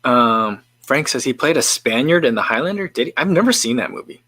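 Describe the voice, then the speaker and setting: Reading through viewer comments, a male livestream host muses in an easygoing, rambling way, frequently interrupting himself and starting over. His medium-pitched voice is bright, forceful, animated, and fairly quick, captured dry and close with no echo.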